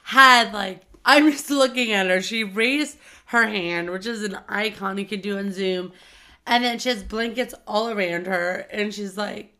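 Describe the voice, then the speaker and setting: A young woman with a gravelly, fry-laden voice talks easily as a podcast co-host. She tells classroom stories with animated energy and frequent laughter, in a loose, casual way. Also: mid-range voice, moderate pace. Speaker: co-host, teacher.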